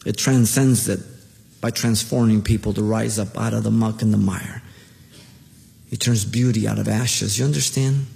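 A man's voice: on the low side, fairly even intonation, normal speed, gravelly, a little mellow. A man, a pastor, preaching a sermon with emphatic, rising exhortations. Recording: long hall reverb.

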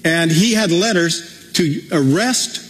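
A man's voice: on the high side, animated, slow pace, husky. A man preaching a conversational sermon as pastor, with frequent restarts. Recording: long hall reverb.

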